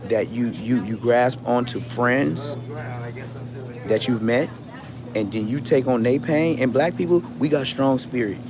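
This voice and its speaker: A man ranting on a livestream in a loud, combative way, with heavy profane street slang. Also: fairly low pitch, gravelly, background noise. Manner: loud, swooping, combative delivery. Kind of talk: heated livestream rant.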